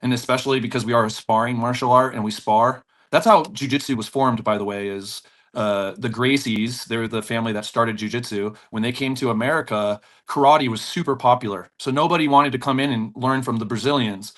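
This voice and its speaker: A jiu-jitsu black belt who owns a gym, guesting on a podcast interview, tells stories energetically in a medium-pitched, slightly fast voice with few pauses. He acts out the voices of the people involved and laughs often.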